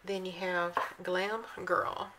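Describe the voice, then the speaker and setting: A woman's voice: on the low side, level tone, slow, background noise. A woman vlogging a casual walkthrough of planner sticker books, reading the slogans aloud in a chatty, admiring way.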